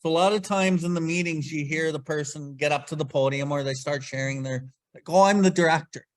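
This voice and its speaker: A man's voice: on the high side, flat delivery, fairly quick. A man leading a casual recovery study talk, blunt and swearing freely as he acts out his own past outbursts. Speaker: podcast host leading Big Book study.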